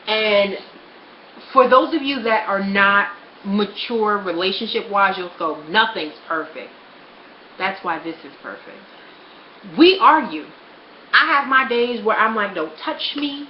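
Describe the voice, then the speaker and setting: A woman's voice: mid-range voice, a little slow, slight background noise. A young woman talking frankly and bluntly in a casual personal vlog, swearing freely. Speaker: vlogger. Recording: roomy, slightly dull home recording.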